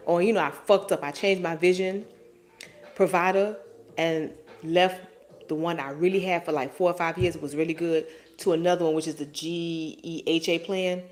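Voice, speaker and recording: A woman's voice: fairly low pitch, fairly even intonation, moderate pace, a little mellow. A woman in her forties hosting a casual live stream, reading viewer comments and answering them in a playful, teasing and profane way. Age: 40s.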